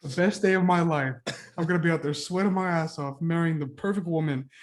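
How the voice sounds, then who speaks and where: A young man co-hosting a casual podcast, telling stories with plenty of swearing and animated energy. His voice sits a little high for a man. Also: brisk. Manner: profane, animated storytelling. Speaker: podcast co-host. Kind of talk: casual chat.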